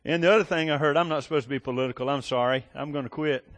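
A middle-aged pastor, preaching with a slightly high voice. He talks in a folksy, rambling way, often breaking off and starting his sentences again. The recording is dry and close. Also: very fast, fairly bright tone, no echo. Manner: folksy, rambling, hesitant with many restarts. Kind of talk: sermon.

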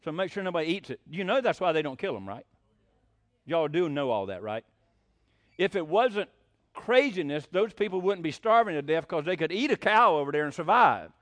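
A man's voice: a little high, lively intonation, moderate pace, fairly bright tone, no room sound. A man preaching a sermon, folksy and blunt, with sarcastic asides.

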